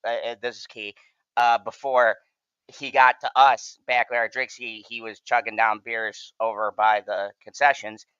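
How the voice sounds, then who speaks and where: A man's voice: mid-range voice, little pitch movement, moderate pace, pushed and bright, smooth, no echo, muffled recording. Man swearing through a rambling story. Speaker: channel host. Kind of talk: casual podcast chat.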